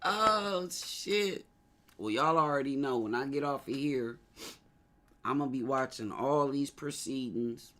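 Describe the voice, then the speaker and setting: Animated joking man, bright voice. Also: medium pitch, measured pace. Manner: laughs often, animated and joking. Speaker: show host. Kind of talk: casual political commentary.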